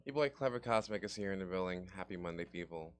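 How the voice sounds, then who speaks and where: A man's voice: sits low, animated, fast, clean tone. A man co-hosting a radio show in a studio, bantering and teasing in casual chat. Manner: joking, teasing, playful banter. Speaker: radio co-host.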